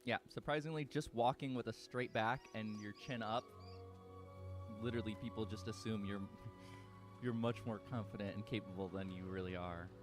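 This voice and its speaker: A man's voice: lowish voice, moderate pace. A man chatting casually on a live game stream, rambling through stories and swearing now and then. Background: game music.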